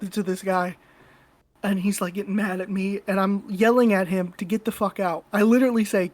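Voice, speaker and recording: A woman's voice: medium pitch, steady tone, normal speed. A woman co-hosting a podcast, telling a story in a casual, blunt and profane way. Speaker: podcast co-host.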